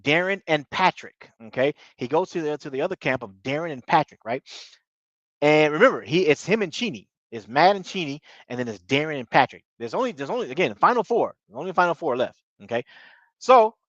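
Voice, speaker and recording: A man's fairly high, slightly raised voice carries a brisk, animated episode recap with a fairly bright tone. As a TV reviewer, he rambles loosely, repeats himself, and uses filler phrases like "you know what I mean." The sound is dull, lo-fi, and very dry, with no echo or room sound.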